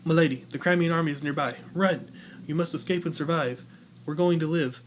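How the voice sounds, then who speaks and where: A man's voice: on the high side, brisk, slight background noise, lightly acted. A man voicing a loyal soldier who speaks in a grim, urgent way. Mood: urgent, vengeful.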